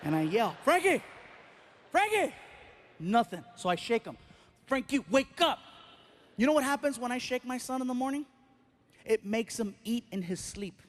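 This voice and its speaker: A middle-aged stand-up comedian speaks a little fast in an extremely high pitch, with slight background noise in the clip. Performing live, he delivers exaggerated, animated stories capped with punchlines.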